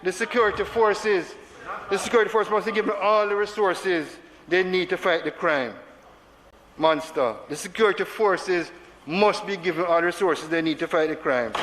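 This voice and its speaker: A man's voice: sits high, normal speed, fairly bright tone. A man with a Jamaican accent giving an emotional parliamentary speech as a senator, repeating phrases for emphasis in a large chamber. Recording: reverberant chamber with faint background noise.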